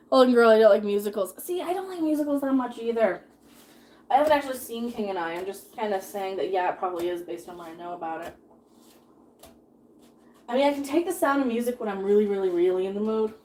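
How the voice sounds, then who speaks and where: A woman's voice: medium pitch, lively intonation, fairly quick, long pauses, darkish tone. A woman in her thirties chatting casually while cooking on a live stream, rambling and laughing often as she reads chat.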